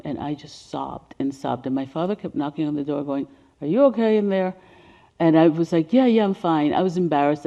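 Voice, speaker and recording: Deep-voiced older woman, soft-spoken. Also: dull audio. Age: about 70. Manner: soft-spoken, sinking to a whisper on emotional points. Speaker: speaker on racial healing. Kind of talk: seminar presentation.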